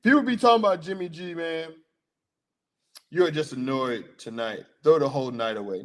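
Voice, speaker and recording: A man hosting a casual sports talk livestream, slangy and excitable, rambling about his picks. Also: fairly high pitch, moderate pace. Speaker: sports podcast host.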